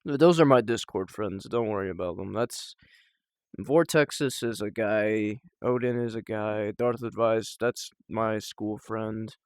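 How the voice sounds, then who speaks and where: A young man talking casually and personally to the camera at home, halting and emotional, with sighs and restarts. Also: on the low side, darkish tone, clear, resonant tone, dry recording, clean studio sound. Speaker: vlogger.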